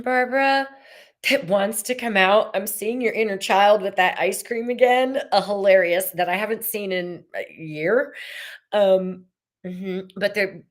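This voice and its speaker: A middle-aged woman giving a slow, meandering live-stream tarot reading, soothing and full of fillers. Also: mid-range voice. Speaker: tarot reader.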